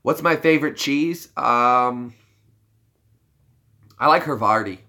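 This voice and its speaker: A man's voice: medium pitch, takes it slowly, pushed and bright. A young American man hosting a casual livestream chat, joking around, playing with words and laughing often. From United States. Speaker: livestream host.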